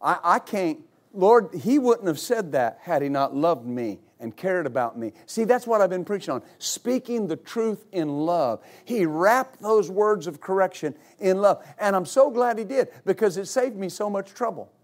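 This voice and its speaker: A middle-aged male pastor giving a sermon, telling stories with loud exclamations and laughter. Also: sits high, animated, moderate pace.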